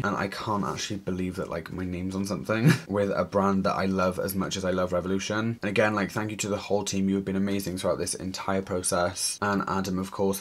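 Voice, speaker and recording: A young Welsh man with a Welsh accent, casually talking through eyeshadow shades and a makeup tutorial, chatty and gushing with lots of fillers. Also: sits low. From Wales. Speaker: makeup artist.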